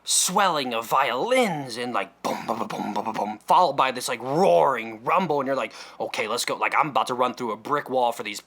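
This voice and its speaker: A man's voice: fairly quick, few pauses. A man telling a comedic story and acting out the voices of other people. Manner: animated, acts out other people's voices with big pitch jumps. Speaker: comedy podcast host.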